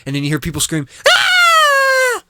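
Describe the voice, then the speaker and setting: A man's voice: lowish voice, steady tone, moderate pace, background noise. A man narrating as game master, rambling with restarts and acting out sound effects.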